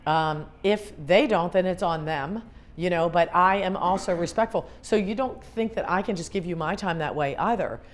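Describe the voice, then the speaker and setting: A woman's voice: fairly low pitch, moderate pace. Emphatic, earnest woman speaker. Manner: earnest, emphatic, repeats questions to the crowd. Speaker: grief specialist and speaker. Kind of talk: motivational talk to a live audience.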